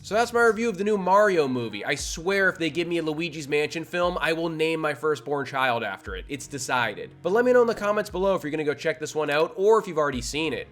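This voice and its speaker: A young man giving a casual video review of a movie, candid and animated, with playful jabs at the viewer. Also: on the high side, quick pace, few pauses, soft background music.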